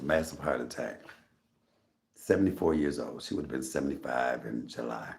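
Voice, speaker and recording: Deep gravelly man, coughing. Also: animated, a little slow, pauses often. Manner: chatty, greets viewers by name, coughing between phrases. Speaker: livestream host. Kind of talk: casual livestream chat. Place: home room. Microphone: phone on a tripod.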